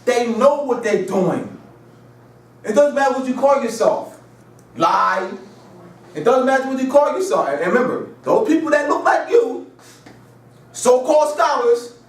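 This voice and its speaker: A man's voice: extremely high pitch, animated, moderate pace, long pauses. A man giving a classroom lecture with call and response, emphatic and repetitive, firing rhetorical questions and telling chatty stories. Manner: chatty storytelling asides. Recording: echoey room, mic far off.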